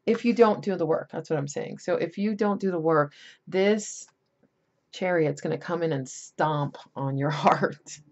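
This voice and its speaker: Woman tarot reader, low voice, rambling emphatic delivery, muffled lo-fi recording. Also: measured pace. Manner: chatty, rambling, emphatic warnings. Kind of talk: casual tarot reading.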